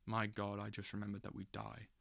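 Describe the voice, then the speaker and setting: A man reading a literary novel aloud as an audiobook, slow and intense, with dramatic swells. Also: on the low side, monotone, creaky, a bit bright, no room sound. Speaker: audiobook reader.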